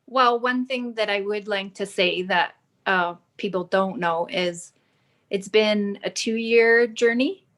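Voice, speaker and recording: A woman in her thirties speaks at an unhurried, careful pace, her voice sitting in an ordinary middle register. She talks through her experience in a relaxed, conversational way and now and then reads from notes. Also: medium pitch. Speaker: client giving a testimonial. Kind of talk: casual video call chat.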